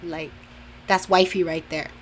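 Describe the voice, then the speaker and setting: A woman's voice: fairly low pitch, level tone, measured pace, slight background noise. A young woman from a Mexican-American home, casually retelling a drama episode in a gossipy way, full of fillers and acted-out quotes. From Mexican-American household. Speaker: drama recap vlogger. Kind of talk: casual chatty drama recap.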